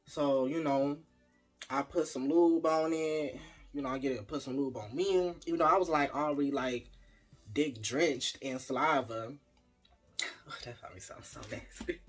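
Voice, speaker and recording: A man vlogging a casual storytime, talking straight to his viewers in a lively, chatty way. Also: medium pitch, moderate pace, faint music behind. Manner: animated, chatty, addresses viewers directly.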